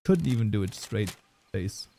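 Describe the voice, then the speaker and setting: Faint music sits behind this German-accented streamer as he jokes, reads out chat messages and fills his talk with plenty of fillers. He has a lowish, warm, animated voice and speaks at a moderate pace.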